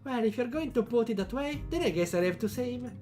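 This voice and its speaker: A man voicing a bubbly, energetic teenage girl who pouts and teases, reading a visual novel aloud. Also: very high-pitched, fast talker, faint music behind, pitched above the performer's own voice. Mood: sheepish. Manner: bouncy, pouting, playful.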